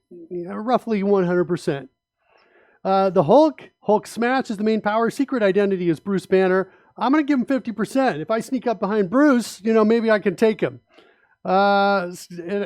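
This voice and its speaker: A middle-aged man presenting a talk on interface design in a relaxed, conversational way, with frequent fillers. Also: high voice, no room sound. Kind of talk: conference talk with slides.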